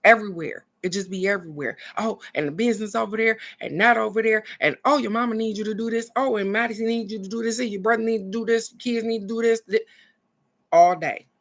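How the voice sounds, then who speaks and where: A middle-aged woman giving a casual motivational talk, animated and earnest, moving between excited bursts and soft encouragement. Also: on the high side, fast. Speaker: spiritual card reader and vlog host.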